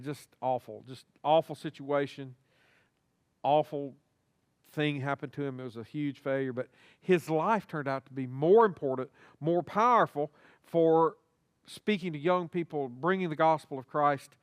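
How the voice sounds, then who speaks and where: A man's voice: on the high side, clear, resonant tone, no echo, clean studio sound. A male pastor preaching a sermon in a church, talking to the congregation and acting out little dialogues. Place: church sanctuary.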